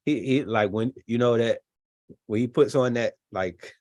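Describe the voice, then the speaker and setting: A man's voice: mid-range voice, measured pace, a little mellow, dry recording. A man hosting a live stream, reacting to a video with chatty, laughing asides and reading viewer comments. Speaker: channel host reacting to a video.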